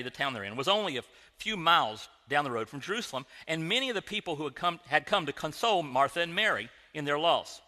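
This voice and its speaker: A man's voice: on the high side, bright, forceful tone, long reverb tail. A man preaching in a conversational, joking style, speaking directly to his congregation in a church sanctuary. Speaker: pastor. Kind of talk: sermon.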